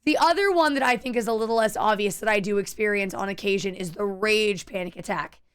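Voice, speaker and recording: A woman's voice: a little high, fairly bright tone, clean tone. Candid, rambling woman streamer. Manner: candid, rambling, frequent restarts and swearing. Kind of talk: casual chat while gaming.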